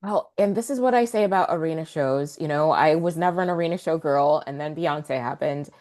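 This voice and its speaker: A woman co-hosting a podcast, excitable and supportive, laughing often in casual chat. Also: deep voice, fairly quick. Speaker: podcast co-host.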